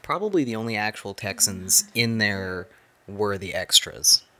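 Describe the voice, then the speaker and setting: A man's voice: on the low side, lively intonation, unhurried, pushed and bright. A man guest on a casual movie-review podcast, joking and explaining his points.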